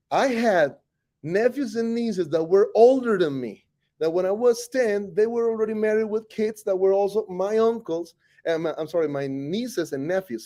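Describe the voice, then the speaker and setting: A man from Costa Rica with a Costa Rican Spanish accent, a teacher telling his life story in an animated, rambling way full of self-corrections. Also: sits high. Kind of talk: personal storytelling interview.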